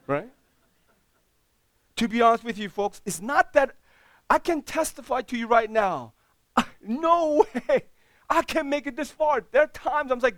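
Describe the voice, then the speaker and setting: A middle-aged man preaching a sermon as pastor, swinging from loud bursts to hushed, low passages. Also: moderate pace, dry recording.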